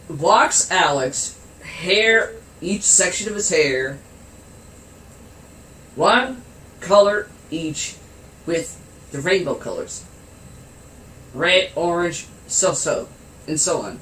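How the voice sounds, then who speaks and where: A man with a high, lively voice spins a loose, funny anecdote, breaking into giggles and cursing without a second thought. He takes his time with it, in a roomy space with faint background noise. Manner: swears freely. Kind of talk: casual storytelling.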